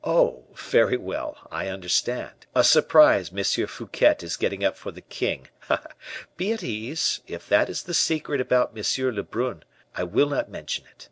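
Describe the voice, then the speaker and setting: A man's voice: fairly low pitch, sing-song, unhurried, a bit bright, husky, dry recording, full character voice. A man voicing a shrewd, witty musketeer who speaks in a wry, inquiring way.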